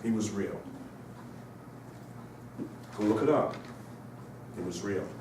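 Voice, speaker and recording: Speaking slowly in a lowish voice, a university instructor with a cold rambles through a lecture and fires off rhetorical questions. He's recorded from far off in an echoey classroom with a noisy background.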